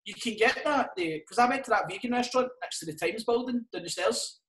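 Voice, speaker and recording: A Scottish comedian chats casually on a podcast, swearing a lot and laughing through his stories. His very high voice is fast and a bit bright, and the recording has a roomy echo.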